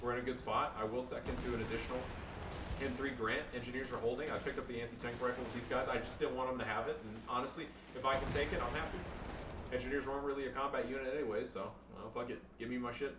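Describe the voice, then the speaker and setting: A man giving casual, profane, excitable commentary over his own strategy game match, joking and swearing between calls. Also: medium pitch, fast talker, reverberant, distant mic, noisy background. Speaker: gameplay commentator.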